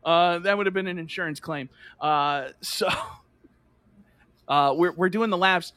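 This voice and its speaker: A man telling a lively story in casual chat, full of "like" and acted-out voices. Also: sits high, unhurried, no echo. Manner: animated, fillers of "like", acts out voices.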